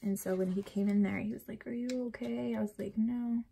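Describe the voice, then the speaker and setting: A woman's voice: mid-range voice, steady tone, quick pace, gravelly, mellow, husky. A young woman vlogger chatting casually and rambling while decorating a planner. She sounds tired and uncomfortable and often drops to a near whisper.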